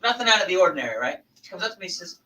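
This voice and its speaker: Male co-host, bright voice, giggly storyteller, slightly distant. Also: high-pitched, very animated. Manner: laughs often, quick asides. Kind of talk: casual chat. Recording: distant mic with faint noise.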